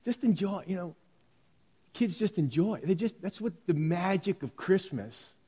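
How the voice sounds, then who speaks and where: A man's voice: high-pitched, a little slow, slightly rough. Man preaching in a reverberant hall. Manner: animated storytelling, then calm teaching. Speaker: pastor. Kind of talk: sermon.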